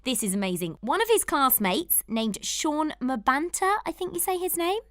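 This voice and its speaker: A woman's voice: high-pitched, very animated, normal speed, fairly bright tone, dry recording, studio quality. A woman hosting a podcast, telling stories in an enthusiastic, gushing casual chat. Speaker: podcast host.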